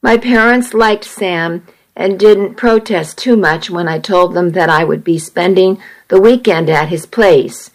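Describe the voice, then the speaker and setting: A young woman in her twenties reads a first-person story aloud in a slow, deliberate way. Her delivery is wry and unhurried, letting each phrase settle. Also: fairly low pitch. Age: 20s.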